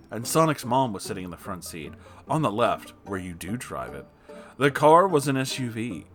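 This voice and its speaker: Man reading with a mocking, lively delivery. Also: on the low side. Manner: mocking asides, frequent laughter. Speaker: storyteller reading fan fiction. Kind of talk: comedic dramatic reading.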